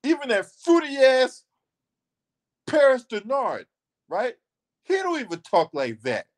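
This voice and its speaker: A man's voice: very high-pitched, huge pitch swings, a little slow. A man hosting his own channel, giving a ranting commentary that is emphatic and profane, and repeating lines for stress.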